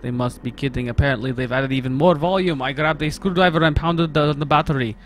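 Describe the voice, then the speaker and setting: A man's voice: on the high side, fast talker, soft background music, natural voice. A man voicing a nervous, sarcastic young Russian man alone at night, with a put-on Russian accent and broken English while reading a visual novel aloud. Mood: exasperated.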